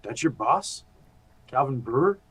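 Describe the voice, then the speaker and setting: An actor in a stage reading playing a ruthless ex-convict burglar with a sneering, tough manner. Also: male voice, medium pitch, lively intonation, a little slow, a bit bright, slightly rough, exaggerated voice. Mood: menacing. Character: menacing ruthless male ex-con burglar.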